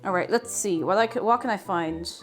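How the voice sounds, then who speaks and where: A woman's voice: medium pitch, fairly quick, faint music behind. A woman with an Irish accent casually chatting with her livestream viewers while baking, playfully greeting them by name. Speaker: livestream host.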